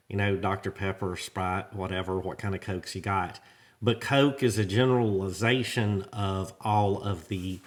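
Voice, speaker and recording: A man with a northwest Louisiana Southern drawl talks in a loose, meandering monologue, easygoing and folksy. His voice sits a little on the low side, and he wanders from one thought to the next as he chats from his garage. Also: fairly bright tone. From Shreveport, Louisiana. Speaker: garage channel host. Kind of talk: rambling casual monologue. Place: home garage.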